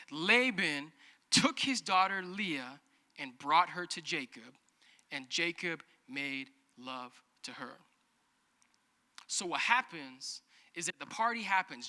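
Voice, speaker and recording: A man's voice: sits high, sharp tone, big-room sound. A man preaching a sermon as pastor, joking in a conversational way and calling on the congregation to respond. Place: church auditorium.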